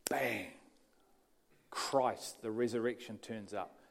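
A man preaching a sermon, shifting between quiet passages and emphatic lines. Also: fairly low pitch, takes it slowly.

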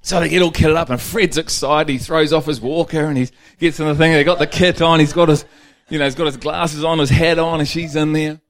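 A man's voice: fairly high pitch, fairly even intonation, a little fast, few pauses. A man preaching a sermon in a chatty, storytelling way, moving into earnest teaching. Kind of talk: sermon with a told joke.

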